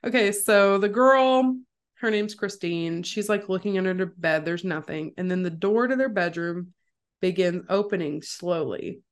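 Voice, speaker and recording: A young woman co-hosting a podcast, casually retelling a horror film scene by scene and acting out the quotes. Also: moderate pace. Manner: animated storyteller, acts out quotes with jumps in pitch. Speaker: podcast co-host.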